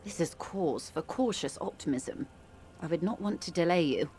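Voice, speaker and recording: A woman's voice: on the low side, animated, normal speed, dark tone, a little hiss or hum. An actress voicing a composed, formal woman in a video game, speaking politely.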